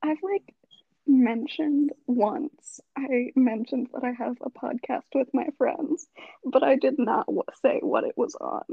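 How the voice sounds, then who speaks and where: A young woman co-hosting a podcast in casual chat, giggly and animated as she tells stories. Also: high-pitched, unhurried, gravelly, breathy edge, dry recording, phone-quality sound. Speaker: podcast co-host.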